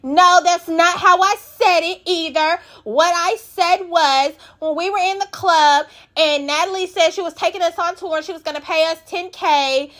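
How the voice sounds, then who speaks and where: A woman mimicking a defensive woman who slowly and carefully explains herself. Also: very high voice, fairly even intonation, a bit bright, pitched above the performer's own voice. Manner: slow, careful insistence.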